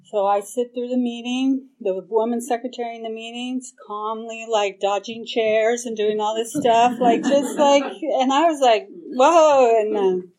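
A woman's voice: on the high side, fairly even intonation, moderate pace, darkish tone, poor audio. A middle-aged woman speaking at a recovery meeting, telling her story candidly with swearing and acting out her own past reactions. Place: meeting hall.

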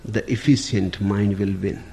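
A man giving a spiritual discourse in a measured, deliberate storytelling manner. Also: on the low side, steady tone, gravelly, mellow, slight background noise. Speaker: spiritual teacher.

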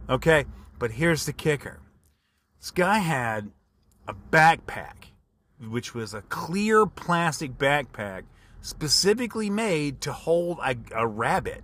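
A man hosting a comedy podcast, telling stories in an animated monologue with big jumps in pitch and volume. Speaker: podcast host.

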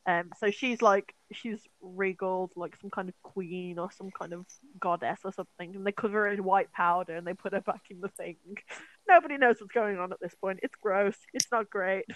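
Recapping a horror film on her podcast, this woman co-host talks casually at a moderate pace in a mid-range voice. She's animated and profane, voicing the characters' lines herself. There's no room sound, but the recording is rough.

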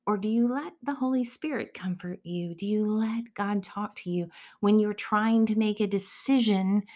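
Middle-aged woman, earnest Christian speaker; devotional teaching, slips into hushed whispers for emphasis. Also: medium pitch. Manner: earnest, often drops to a soft whisper.

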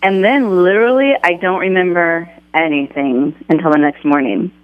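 A man being interviewed as an author, speaking haltingly with lots of fillers as he thinks back. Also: high-pitched, no room sound, muffled recording. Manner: halting, many fillers, thoughtful. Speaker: author guest. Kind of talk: conversational interview.

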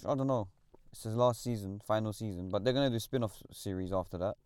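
A young man with a London accent, telling stories in quick, offhand casual chat. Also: fairly low pitch, darkish tone, smooth, dry recording, clean studio sound.

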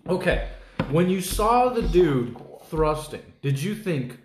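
Loud teasing man, lively high voice. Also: slow pace. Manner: teasing, animated, loud bursts of laughter. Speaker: podcast co-host. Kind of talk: casual chat. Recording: echoey room.

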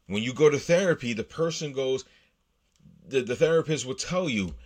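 A man's voice: mid-range voice, lively intonation, normal speed. A man in a mid-range voice, hosting his own show and talking on his own. He rambles and swears freely, restarting sentences and leaning on fillers as he works through his thoughts. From United States. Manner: rambling, profane, with frequent restarts. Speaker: podcast host. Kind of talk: casual solo monologue.

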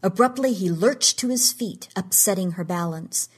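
A woman narrating a story in a measured, even reading. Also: medium pitch, slightly rough.

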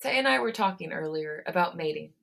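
A woman's voice: lowish voice, expressive, fairly quick, creaky, a bit bright. A woman voicing a blunt young man, scared underneath and short-spoken, in a fan fiction read aloud. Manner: blunt, clipped.

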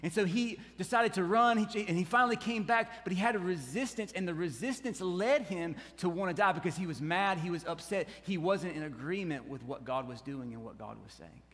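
A man preaching a sermon as pastor, animated, rising and dropping, with frequent questions to the congregation. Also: sits high, fairly quick, hardly any pauses, big-room sound. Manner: animated preaching that rises and drops, with asides to the congregation.

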